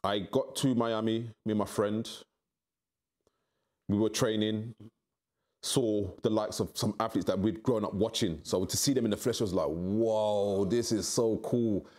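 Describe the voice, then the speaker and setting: A middle-aged man telling his story candidly in an interview, acting out quoted voices with big jumps in pitch. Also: fairly even intonation, normal speed, a little mellow. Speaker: interview guest.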